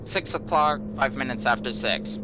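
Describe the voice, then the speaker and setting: A man's voice: medium pitch, normal speed, noisy background. A man hosting a gaming channel, telling a long everyday story in a rambling way, repeating himself and filling gaps with "you know.". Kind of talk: casual storytelling vlog.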